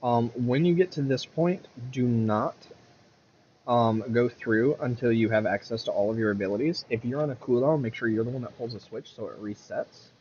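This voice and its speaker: A man talks through his gameplay in a loose, rambling way, stopping to fix his words and grumbling at the game now and then. He has the hiccups, and his voice sits at an average pitch. The audio is a little dull, with faint game sounds underneath. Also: normal speed, a little hiss or hum. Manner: rambling, self-correcting, mutters at the game. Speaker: gameplay commentator. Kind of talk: casual gameplay commentary.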